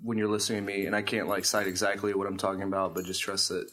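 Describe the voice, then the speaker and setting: A man's voice: deep voice, little pitch movement, quick pace, fairly bright tone. A man hosting a casual podcast chat, talking emphatically and swearing freely.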